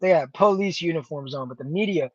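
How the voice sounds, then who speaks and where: A man's voice: a little high, brisk, no room sound. A man hosting a show, delivering a profane, preachy rant and addressing listeners as "homie". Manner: preachy, repeats "homie" and "nigga", builds rhetorically. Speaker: show host. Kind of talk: profane ranting commentary. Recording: dull lo-fi dry sound.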